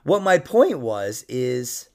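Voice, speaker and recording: A man's voice: mid-range voice, big pitch swings, takes it slowly, darkish tone. A young man, a comedian and podcast host, telling stories in a casual chat, laughing often and slipping into mock voices.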